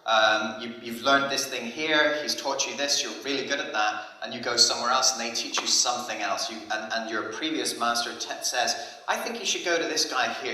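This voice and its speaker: Man speaking in an echoey hall. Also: medium pitch. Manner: casual, anecdotal, lively storytelling. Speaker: conference speaker. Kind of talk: conference talk.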